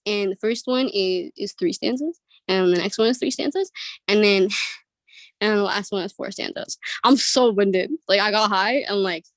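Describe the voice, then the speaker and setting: A woman speaks at an ordinary middle pitch, close and dry as if on a video call. She laughs nervously and teases herself as the featured poet, then reads spoken word poetry. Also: moderate pace, no echo. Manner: giggly, nervous and self-deprecating between poems.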